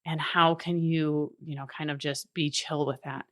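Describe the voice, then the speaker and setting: A low-pitched woman in her thirties talks through a solo coaching podcast in an earnest, encouraging way, laughing now and then. Her voice sits deep for a woman, recorded close and dry with no room sound. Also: little pitch movement, a little slow, a bit bright, no echo. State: briefly emotional.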